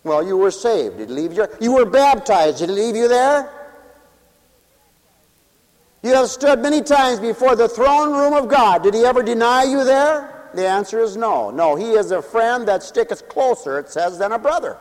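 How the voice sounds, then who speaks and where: Man preaching, very high voice, lively pitch, echoing hall, emphatic questions. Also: moderate pace. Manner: emphatic, rhetorical questions, sweeping swings in volume. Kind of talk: sermon. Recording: long hall reverb.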